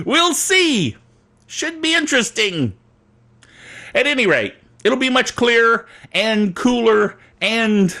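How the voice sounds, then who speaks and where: A man hosting a casual tech show, excitable and giggly, with jokey asides, talking into a studio microphone. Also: high voice, slow.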